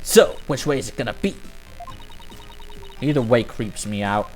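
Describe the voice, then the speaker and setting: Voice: mid-range voice, expressive, unhurried, long pauses, faint music behind, poor audio. A let's-play host commenting casually on a game, with joking, profane asides.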